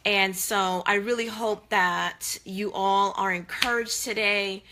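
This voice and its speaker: A woman's voice: medium pitch, fairly even intonation, slow, background noise. A woman giving an earnest, faith-based pep talk to her viewers, chatting casually and repeating her key phrases. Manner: conversational with many fillers and restarts. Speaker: faith-based motivational speaker.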